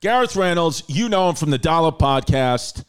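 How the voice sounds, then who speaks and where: A man's voice: on the high side, expressive, moderate pace, clear, resonant tone, faint music behind. Laughing man hosting a comedy podcast. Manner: laughing while reading texts aloud. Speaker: podcast host. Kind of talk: casual comedy podcast chat.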